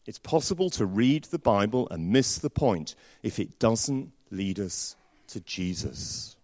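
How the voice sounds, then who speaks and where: Male preacher, sounding, animated pitch, dry close sound, storytelling sermon. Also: measured pace, no room sound. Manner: storytelling with varied, lively delivery.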